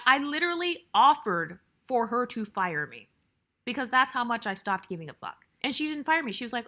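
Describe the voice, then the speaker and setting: A young woman telling a casual storytime about her workplace, blunt and animated, swearing freely and acting out what others said. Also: mid-range voice, fast talker.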